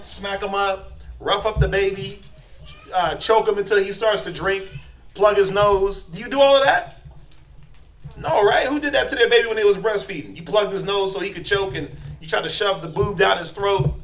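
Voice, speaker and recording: A man's voice: high-pitched, fairly bright tone. A man with an American accent teaching a class in a casual, joking way, often acting out voices in quoted asides. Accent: American English.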